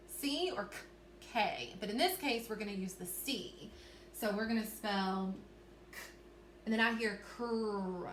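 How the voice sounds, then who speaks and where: A woman teacher giving a recorded reading lesson to children, encouraging and clear, slowly sounding out words. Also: mid-range voice, a bit bright. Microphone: recorded to camera for video. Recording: echoey room, faint background hiss.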